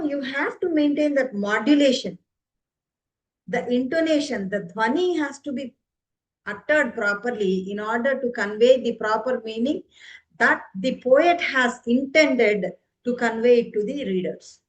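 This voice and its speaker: A woman's voice: on the high side, unhurried, poor audio. Woman explaining with many fillers. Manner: earnest, explanatory, with frequent fillers and rhetorical questions. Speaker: speaker on ancient Indian arts. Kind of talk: explanatory talk.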